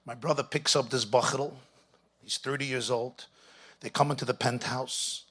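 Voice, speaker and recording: A man's voice: medium pitch, steady tone, normal speed, fairly bright tone, slightly rough. A middle-aged man, a rabbi, telling a story to an audience at a weekend gathering and mixing in Yiddish and Hebrew phrases. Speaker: rabbi speaking at a Shabbaton.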